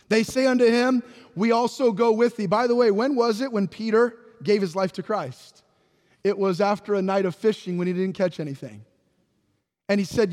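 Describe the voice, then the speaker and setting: A man with a high voice preaches in a church sanctuary, his words trailing into a long hall reverb. He reads scripture aloud and keeps turning to the congregation with questions. His delivery swings between ringing declarations and quiet, intimate asides. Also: moderate pace. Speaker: pastor. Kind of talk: sermon.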